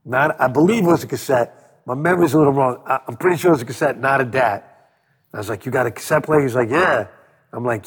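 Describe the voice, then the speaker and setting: A man with a husky, slightly breathy voice tells stories in an interview, acting out what others said. He swears freely and keeps the stories moving. His voice trails off in a long reverb. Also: mid-range voice, fast. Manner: animated storyteller, acts out quotes, swears freely. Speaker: record producer guest. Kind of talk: storytelling interview.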